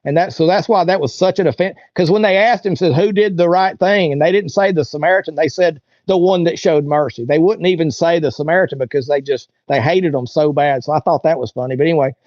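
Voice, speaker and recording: A man with a fairly high speaking voice tells his story as an interview guest. He rambles and jumps into the voices of the people he met. The sound is dull and lo-fi, with a dry, close feel. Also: quick pace, hardly any pauses, a little mellow, no room sound. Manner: rambling, acts out other people's lines in raised voices.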